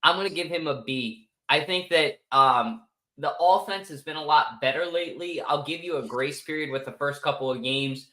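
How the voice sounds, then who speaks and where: Bright-voiced joking Philly sports host. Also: male voice, on the high side, moderate pace, rough recording. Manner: joking, opinionated, loose. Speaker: podcast co-host. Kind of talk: casual sports talk.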